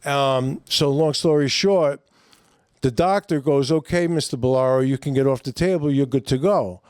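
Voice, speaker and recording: A middle-aged man with a New York accent, a comedian guest telling a long story in a rambling, animated way with lots of fillers. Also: medium pitch, normal speed, clean tone, no echo, studio quality. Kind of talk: casual storytelling.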